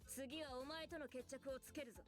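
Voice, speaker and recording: A woman's voice: high-pitched, fairly even intonation, very fast, faint music behind, close to an everyday voice. A woman voicing a brash, boastful young female shinobi rival in a Japanese anime game, talking bluntly. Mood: triumphant.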